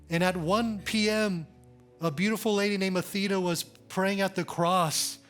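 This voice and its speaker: A pastor in his thirties preaching a sermon in church, speaking with slow emphasis, repeating phrases and building to urgent calls. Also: high-pitched, fairly even intonation, a bit bright, soft background music.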